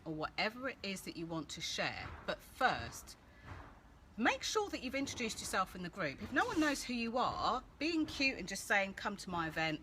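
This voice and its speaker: A woman hosting a casual live-stream Q&A, chatty and animated, greeting viewers by name as she gives coaching tips. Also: medium pitch. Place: outdoors-adjacent room with street noise. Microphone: phone or laptop live stream. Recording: faint background street noise.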